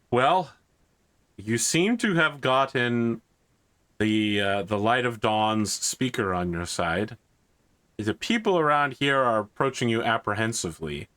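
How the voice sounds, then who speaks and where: A man narrating a tabletop role-playing game as game master, in a measured, descriptive way. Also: fairly low pitch, fairly bright tone, dry recording.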